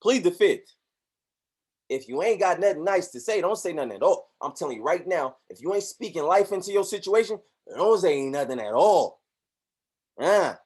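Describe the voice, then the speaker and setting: A man giving a motivational talk, preachy and animated, acting out voices in his stories. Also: high voice, normal speed, slightly rough. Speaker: motivational speaker.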